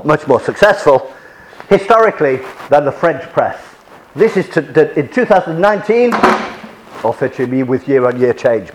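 A man's voice: on the high side, slight background noise, poor audio. A man giving a classroom lecture with slides, chatty, often repeating and restarting his phrases.

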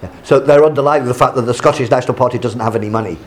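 A man teaching by reading a news article aloud and explaining it, pausing often with fillers. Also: mid-range voice, noisy background. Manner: halting explanations with many fillers between read passages.

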